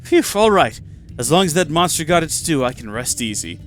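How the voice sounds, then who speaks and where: A man's voice: fairly high pitch, big pitch swings, brisk, faint music behind, voice pushed down. A man voicing a hotheaded, vain young man who rants in exasperation. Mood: angry, ranting. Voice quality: ranting, exasperated.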